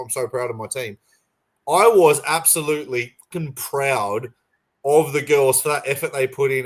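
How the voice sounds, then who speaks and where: A man co-hosting a sports podcast over a remote call, talking passionately and rambling with restarts. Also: mid-range voice. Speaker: podcast co-host. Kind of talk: casual sports chat.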